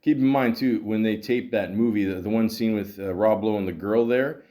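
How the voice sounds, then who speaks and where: A man's voice: fairly low pitch, normal speed, dark tone. A middle-aged Canadian man hosting a podcast, rambling through hockey talk with lots of swearing, fillers and restarts. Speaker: podcast host.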